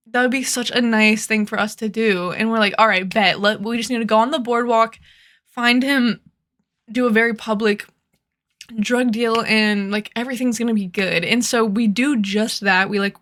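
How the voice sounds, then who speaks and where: A woman's voice: on the high side, fairly even intonation, normal speed, fairly bright tone. A young woman telling a story to the camera, rambling and laughing, with lots of "like" fillers. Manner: rambling, laughing, heavy use of "like". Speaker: vlogger. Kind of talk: casual storytelling.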